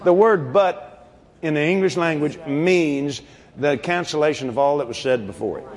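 A man preaching a fervent sermon, shouting and laughing as he goes. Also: a little high, normal speed. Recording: reverberant hall with a crowd.

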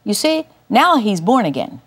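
A woman's voice: big pitch swings, normal speed, slightly rough. Emphatic older woman teaching scripture. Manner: emphatic storyteller, swings pitch up for emphasis. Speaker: Christian teacher. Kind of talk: testimony-style Bible teaching.

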